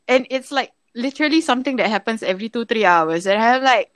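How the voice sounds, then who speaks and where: A young woman from Singapore with a Singaporean English accent, co-hosting a podcast, telling a story in animated, casual chat with plenty of swearing. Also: fairly high pitch, fairly quick, dry recording. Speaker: podcast co-host.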